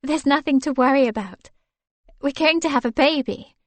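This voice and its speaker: A woman voicing a gentle, flustered young wife in an eager, breathless manner for an audiobook. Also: high-pitched, moderate pace, no echo, voice pushed up, lightly acted.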